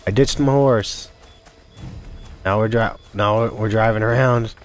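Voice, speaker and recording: A man's voice: lowish voice, steady tone, a little slow, faint music behind. A man doing let's play commentary on a video game, frustrated and angry, swearing constantly. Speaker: gamer playing a video game.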